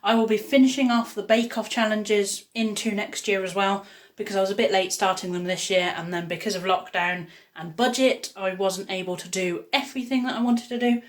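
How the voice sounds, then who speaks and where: A woman's voice: medium pitch, steady tone, fairly quick. A woman chatting upbeat while cooking in her home kitchen for a casual vlog. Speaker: YouTuber baking at home.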